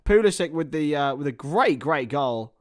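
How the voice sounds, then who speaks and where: A man's voice: fairly high pitch, animated, moderate pace. A man giving casual, chatty live commentary on a football match while talking to his viewers. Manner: chatty, reacts to viewer chat between play-by-play.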